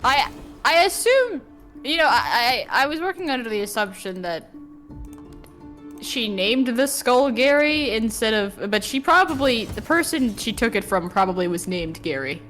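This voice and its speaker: A woman's voice: a little high, lively intonation, moderate pace, fairly bright tone, soft background music. A woman co-hosting a live stream in casual chat, rambling with restarts and the odd swear.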